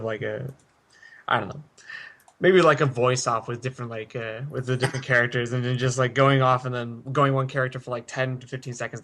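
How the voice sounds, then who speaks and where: A man's voice: medium pitch, fairly bright tone. A young man hosting an internet radio interview, asking questions full of halts and fillers. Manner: halting, filler-heavy questions.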